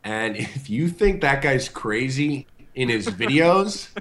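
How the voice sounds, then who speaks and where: On a video call, a show host tells a casual, animated story full of fillers, acting out the voices of the people involved. He speaks slowly at a medium pitch.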